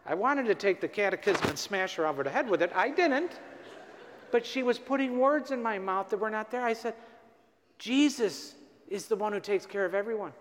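A man's voice: high voice, lively intonation, moderate pace, a little hiss or hum. A man, a priest, giving a storytelling sermon at a parish mission and acting out the dialogue with rising emphasis. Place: large church. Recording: long reverb of a church.

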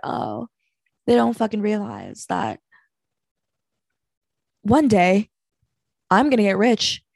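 A woman's voice: mid-range voice, very animated, measured pace, gravelly, pauses often, a little mellow, no room sound. A young woman hosting a podcast from home, rambling through stories in an exasperated, heavily profane way. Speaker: podcast host. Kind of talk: casual solo podcast rant. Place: small house at home.

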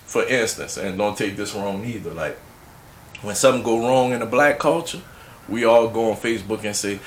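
A man co-hosting a podcast in casual chat, telling stories with animated asides. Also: lowish voice, moderate pace. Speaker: podcast co-host.

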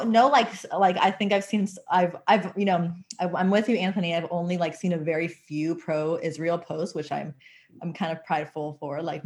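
A woman speaking frankly and with animation in a casual conversation, using "like" a lot. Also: fairly low pitch. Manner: animated, frank, heavy use of "like".

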